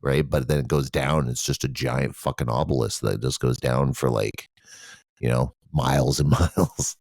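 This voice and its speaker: A man's voice: extremely low pitch, fairly even intonation, normal speed, creaky, a little mellow, slightly rough, no echo, studio quality. A man co-hosting a podcast, talking casually in a rambling way with frequent swearing and fillers. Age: adult with children. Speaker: podcast co-host. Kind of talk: casual conversation.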